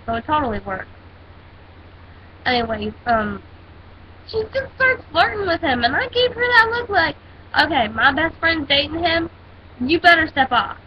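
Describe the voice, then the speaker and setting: A teenage girl ranting in a casual vlog, telling a story in a sassy, dramatic way. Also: high voice. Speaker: vlogger. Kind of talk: casual rant. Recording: dull lo-fi with faint hiss.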